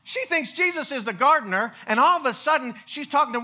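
A male preacher with a high, bright, very lively voice that swoops up and down as he tells stories. He jokes, acts out small scenes and often stammers into restarts before pressing on. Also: fast talker, few pauses. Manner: animated, joking, with frequent stammered restarts. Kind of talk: humorous storytelling sermon.

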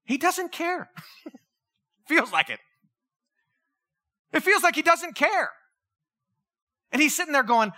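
A man preaching a conversational sermon, acting out quotes in an animated way. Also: very high-pitched, measured pace, long pauses. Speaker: pastor.

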